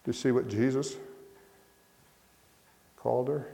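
Guy preaching an easter sermon, goes quiet then loud, big echoey church sound. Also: medium pitch, steady tone, a little slow, vocal fry. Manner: emphatic, swinging from quiet to loud. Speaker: pastor. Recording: echoey hall reverb.

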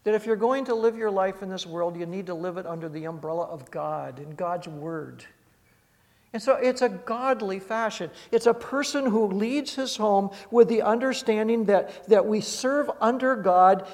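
Male pastor, high voice, preaching in a reverberant sanctuary, scripture reading mixed with casual asides. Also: normal speed, darkish tone. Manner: reads scripture aloud, then explains in plain conversational asides. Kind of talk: sermon.

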